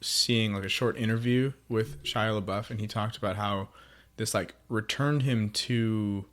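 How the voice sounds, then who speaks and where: Podcast cohost guy, lowish voice, easygoing, agrees a lot. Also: steady tone, measured pace, a bit bright. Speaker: podcast co-host. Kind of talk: casual faith podcast chat.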